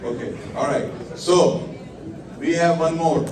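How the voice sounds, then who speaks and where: A man's voice: a little high, takes it slowly. A man running a live charity auction, coaxing the crowd to bid and thanking donors with blessings. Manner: upbeat, coaxing bids, peppered with religious blessings. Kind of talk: live fundraising auction calling. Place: large indoor event hall. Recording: echoey hall, mic at a distance.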